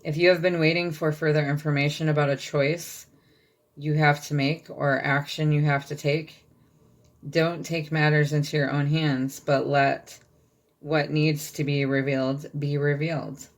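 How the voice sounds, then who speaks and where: A woman's voice: deep voice, level tone, a little slow. A woman giving a channeled tarot reading, reading card texts aloud and checking in with her listeners. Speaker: tarot reader.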